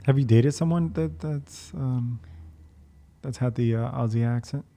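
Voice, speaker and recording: A man's voice: medium pitch, measured pace, creaky, warm tone. A man chatting casually as a podcast guest, friendly and laughing, often stammering and restarting.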